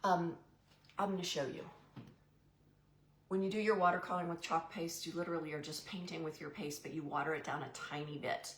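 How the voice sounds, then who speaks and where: Low-voiced chatty woman hosting a craft stream. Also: steady tone, brisk, a bit bright, echoey room, a little hiss or hum. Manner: chatty and goofy, answers live chat by name; says "y'all" to viewers. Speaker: craft live-stream host. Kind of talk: live painting demo, chatting with viewers.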